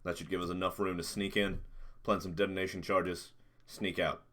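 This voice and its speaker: A man's voice: deep voice, flat delivery, normal speed, a bit bright, slight background noise. A man voicing a brash, cocky male squad commander who talks with wry confidence. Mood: confident.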